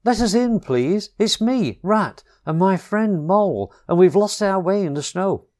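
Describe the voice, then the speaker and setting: A man's voice: high voice, lively intonation, unhurried, a little mellow, pitched above the performer's own voice. A man voicing an eager little water rat. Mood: pleading.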